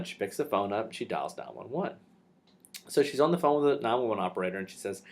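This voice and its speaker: A man's voice: fairly low pitch, quick pace. A male teacher casually telling a personal story for his class, with fillers and restarts.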